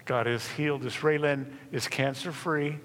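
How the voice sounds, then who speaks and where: A man preaching a sermon in earnest, stressing key words slowly and emphatically. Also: on the high side, fairly even intonation. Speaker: pastor. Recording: reverberant hall, faint room noise.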